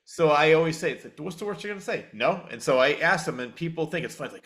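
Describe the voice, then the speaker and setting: A man's voice: fairly high pitch, animated, fast talker, few pauses, fairly bright tone. A man hosting a podcast in casual chat, enthusiastically plugging channels and telling stories. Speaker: podcast host.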